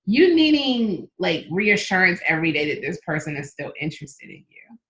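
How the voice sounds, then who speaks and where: A woman's voice: on the low side, sing-song, moderate pace, a bit bright, a little hiss or hum, low-quality recording. A woman co-hosting a podcast in casual, joking chat, laughing often. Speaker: podcast co-host.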